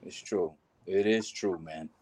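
A man's voice: low voice, a little slow, warm tone, breathy edge, dry recording. A man chatting casually, laid-back and laughing often, using street slang. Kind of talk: casual banter.

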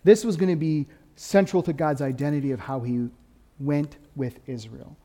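A pastor preaching a sermon, lively and conversational, swinging between quick, louder stretches and soft, dropped emphasis. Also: male voice, fairly high pitch, big-room sound. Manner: animated preaching, rising and dropping to quiet emphasis.

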